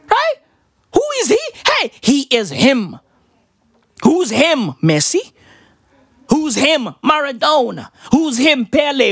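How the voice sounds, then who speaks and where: Animated woman in a profane comedic rant. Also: husky, no echo, studio quality. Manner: profane, animated, rapid rhetorical questions; swings between low mutters and high squeals.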